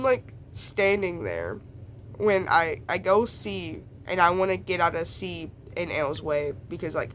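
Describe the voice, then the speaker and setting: A woman's voice: on the low side, sharp tone, slight background noise. A young woman casually telling a rambling personal story, full of fillers and asides. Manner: rambling, lots of fillers and laughs, quick asides.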